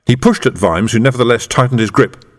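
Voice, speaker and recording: A man narrating an audiobook in a measured storytelling manner. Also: mid-range voice. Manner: measured storytelling with lively intonation. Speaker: audiobook reader. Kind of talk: scripted narration. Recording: reverberant room.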